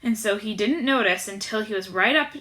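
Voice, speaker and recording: A woman narrating a children's novel aloud as an audiobook, in a lively, expressive storytelling manner. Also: medium pitch, brisk. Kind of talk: audiobook reading.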